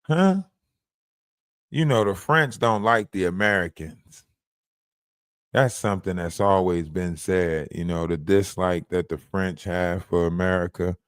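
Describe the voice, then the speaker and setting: A livestream host rants in a taunting, profane way, repeatedly throwing "huh?" at his target. His voice sits low with a clear, resonant tone at a measured pace, recorded at studio quality with no echo.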